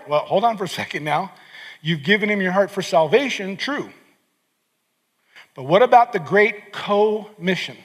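A man's voice: high-pitched, normal speed, pauses often. A man preaching a sermon as pastor, earnest, often restarting and repeating words as he explains scripture. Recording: long hall reverb.

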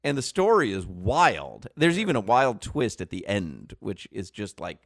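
A man hosting a sports talk radio show, telling rambling stories in an animated way and laughing often, on a close studio mic. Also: fairly low pitch, a little slow, creaky, no echo.

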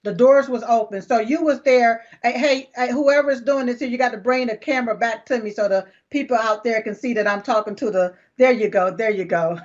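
A woman interviewer asking questions in a brash, informal way. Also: on the high side. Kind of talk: casual interview. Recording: dull lo-fi sound.

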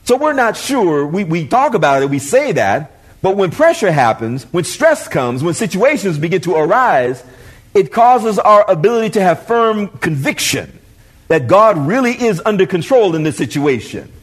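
A man preaching in church with a husky, slightly rough voice pitched fairly high. He swings his pitch widely as he preaches, repeating and restarting words as he builds his points. The sermon carries the feel of a live congregation service. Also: sing-song, normal speed. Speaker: pastor.

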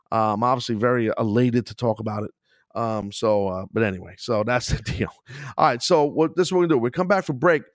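A middle-aged man hosting his own podcast in casual solo chat, rambling, swearing and getting excited as he goes. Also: on the high side, no echo, clean studio sound. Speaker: podcast host.

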